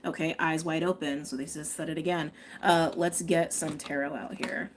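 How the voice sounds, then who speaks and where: A woman's voice: deep voice, fairly even intonation, normal speed, a little hiss or hum. A woman giving a live tarot and astrology reading, chatting and thinking aloud, often checking in with "okay?". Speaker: tarot reader.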